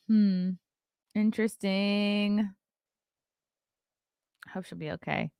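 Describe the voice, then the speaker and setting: Low-voiced woman musing over a clip. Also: animated, moderate pace, a bit bright, dry recording, clean studio sound. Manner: chatty, musing, full of filler words. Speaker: comedian and online show host. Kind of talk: casual commentary on a clip. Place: home room with colored lights.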